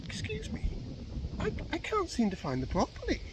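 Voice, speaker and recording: A man squeaking as a fussy woman shopper. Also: wildly swooping pitch, moderate pace, background noise, full character voice. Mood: fussy, impatient. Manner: high squeaky put-on voice in a told joke. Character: irritated middle-aged woman shopper asking repeatedly.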